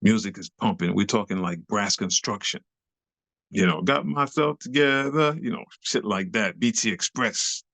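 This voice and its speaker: A middle-aged man, a club dancer telling a lively, slangy story as an interview guest and acting out the voices of the people in it. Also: low-pitched, normal speed, slightly rough, dry recording. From New York City. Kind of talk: animated storytelling.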